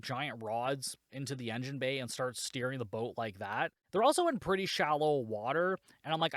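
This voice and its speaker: A man in the middle range of pitch recapping a film on his podcast, loose and chatty with constant fillers. He is sarcastic and profane, and the recording is close and dry with no room sound. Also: a bit bright, no echo. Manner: frequent filler "like". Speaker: podcast host. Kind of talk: casual movie recap and review.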